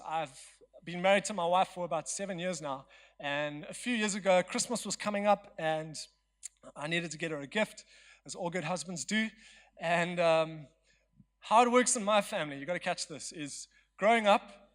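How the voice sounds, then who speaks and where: A man's voice: high voice, a bit bright. A young man preaching a storytelling sermon in a chatty, joking, self-mocking way in a church hall. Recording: long hall reverb.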